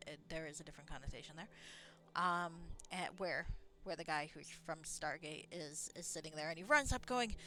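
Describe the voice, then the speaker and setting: A woman's voice: sits low, sharp tone. A woman streaming a video game, talking in a rambling, chatty way, swearing casually and laughing often. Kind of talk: casual rambling commentary while playing.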